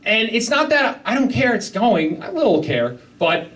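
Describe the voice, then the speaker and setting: A man's voice: high voice, big pitch swings, normal speed, fairly bright tone, a little hiss or hum. A young man doing a rambling, self-deprecating stand-up set, swearing often and undercutting his own jokes. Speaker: stand-up comedian. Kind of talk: open-mic stand-up set. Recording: live club mic, heard from a distance with audience. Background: crowd laughter.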